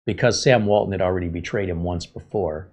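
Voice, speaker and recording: A man hosting a tech show, telling a rambling casual story from the US West Coast, chatty and sometimes loud and incredulous. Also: low-pitched, brisk. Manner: chatty, gets loud and incredulous when joking. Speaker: tech channel host.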